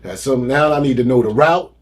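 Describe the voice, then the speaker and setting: A middle-aged man telling stories as a podcast guest, animated and acting out the voices of people he quotes. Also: mid-range voice, fast talker. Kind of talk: casual storytelling interview.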